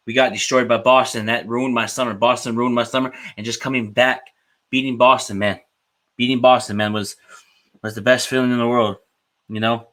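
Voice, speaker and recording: A man hosts a relaxed sports podcast in a voice of middling pitch. He speaks emotionally and repeats himself, tacking "man" onto the end of nearly every phrase. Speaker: podcast host. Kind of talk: casual podcast chat.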